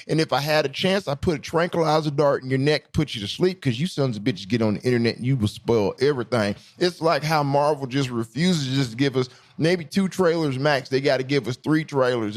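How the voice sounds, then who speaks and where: A man hosting his podcast, riffing in an animated, profane, emphatic way in casual chat. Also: mid-range voice. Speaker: podcast host.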